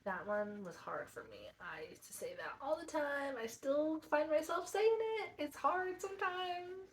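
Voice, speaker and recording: A young woman vlogging about self-belief, soft-spoken and introspective, thinking aloud with pauses and speaking earnestly to her viewers. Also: sits high, animated. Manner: addresses viewers directly and earnestly. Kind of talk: reflective personal vlog.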